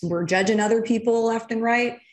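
A woman's voice: on the high side, moderate pace. A woman guest in an interview who speaks reflectively and explains her points with examples. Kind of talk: casual interview conversation.

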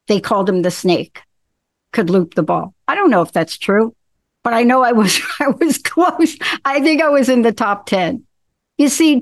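A woman's voice: mid-range voice, dry recording. A woman hosting a talk show in casual chat, enthusiastic, often repeating and restarting her phrases. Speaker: show host.

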